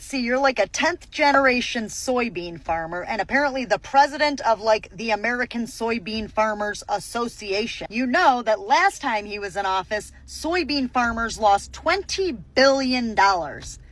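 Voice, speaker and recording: A woman's voice: on the high side, lively intonation, moderate pace, few pauses, a bit bright. A woman delivering an angry, sarcastic reaction rant, mocking and swearing as she talks. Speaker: commentator.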